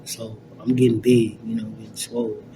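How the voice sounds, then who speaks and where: Young man ranting in slangy profane talk. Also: moderate pace. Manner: slangy and profane, rambling with many fillers. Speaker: vlogger. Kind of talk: casual rant to camera. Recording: steady low rumble in background.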